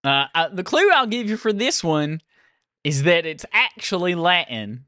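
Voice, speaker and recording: A man's voice: high voice, big pitch swings, unhurried, bright, forceful tone, dry recording, studio quality. A man hosting a casual gaming podcast, upbeat and laughing often as he runs a quiz game. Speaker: podcast host.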